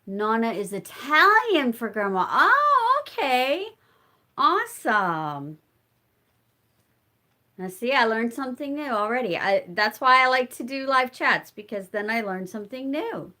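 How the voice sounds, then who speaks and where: A woman's voice: on the high side, very animated, unhurried, pushed and bright. A middle-aged American woman chatting casually on a live stream, answering viewers' comments while she spins fiber at home. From United States. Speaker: homestead vlogger hosting a live chat.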